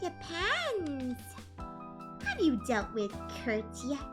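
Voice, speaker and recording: A woman reading out a cryptic, cruel female character from a video game, slow and threatening. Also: high voice, huge pitch swings, over loud music, exaggerated voice. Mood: menacing. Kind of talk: reading game dialogue aloud.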